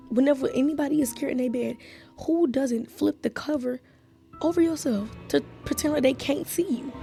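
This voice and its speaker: A woman playing a horror game, reading its text aloud in a hushed voice and breaking off into loud, profane reactions. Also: high voice, fairly quick, vocal fry, soft background music. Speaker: gaming streamer.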